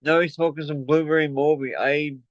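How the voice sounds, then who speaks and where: A man's voice: on the high side, fairly even intonation, fairly quick, dry recording. A man hosting a casual livestream, chatty and rambling, out of breath from running up and down stairs. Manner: rambling, chatty, plugging merch. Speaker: livestream host. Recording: dull lo-fi call audio.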